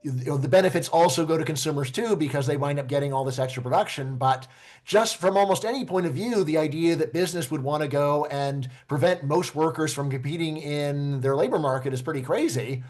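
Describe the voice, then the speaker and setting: A man's voice: a little high, a little fast, darkish tone. A man hosting a conversational discussion as an economics professor, making emphatic points with frequent "like" and "you know".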